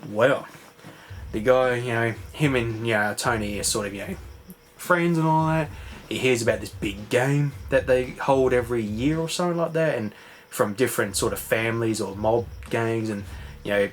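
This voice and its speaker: A man's voice: mid-range voice, expressive, normal speed, a little hiss or hum. A man rambling through a casual recap, full of fillers and swearing. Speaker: vlogger. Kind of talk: casual late-night recap chat.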